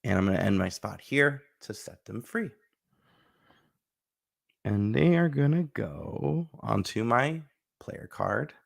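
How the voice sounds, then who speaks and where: A man's voice: mid-range voice, animated, takes it slowly, creaky, pauses often. A man hosting a live solo board game playthrough, chatting and thinking aloud as he plays, now and then acting out short lines for the characters. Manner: chatty, thinks aloud, acts out little bits.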